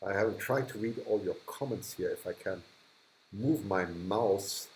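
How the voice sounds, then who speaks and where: A man's voice: on the low side, a little slow, darkish tone, slight background noise, low-quality recording. A man hosting a live stream from a hot, humid indoor room, chatting casually as he reads and thanks viewers, often restarting sentences and chuckling. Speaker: livestream host.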